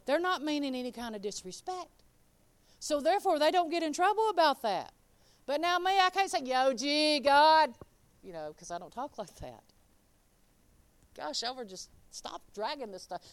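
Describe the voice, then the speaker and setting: Animated woman preaching. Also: high-pitched, moderate pace, dry recording. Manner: animated, swings from soft to loud, talks to the crowd. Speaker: speaker giving a testimony and teaching. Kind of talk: informal sermon.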